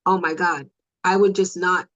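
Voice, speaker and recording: A woman speaking as a podcast guest, earnest and reflective, growing animated at times in candid conversation. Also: on the low side, moderate pace, highs cut off.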